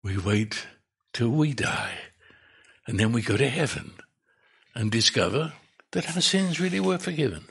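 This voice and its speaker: A man preaching a sermon in an emphatic, repetitive way, his voice climbing as he gets excited. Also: medium pitch, a little slow, creaky, long pauses, breathy edge. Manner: emphatic, repeats words, rising with excitement.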